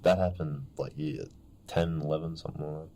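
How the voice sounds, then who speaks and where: Young man, podcast co-host, very low voice, lively storyteller. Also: fairly quick, a little hiss or hum. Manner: animated storytelling, acts out others' voices. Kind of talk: casual chat.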